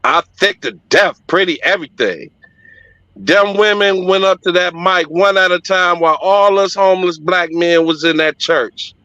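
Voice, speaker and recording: Middle-aged man, forceful bright tone, emphatic and heartfelt storyteller, dry dull lo-fi recording. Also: high-pitched, normal speed, dry recording. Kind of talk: personal storytelling.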